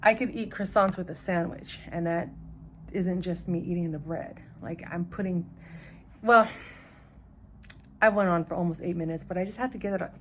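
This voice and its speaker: A woman's voice: lowish voice, normal speed, pauses often, a bit bright, slight background noise. A woman in her forties chatting casually at home for her vlog, rambling with lots of restarts and fillers. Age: 40s. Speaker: vlogger.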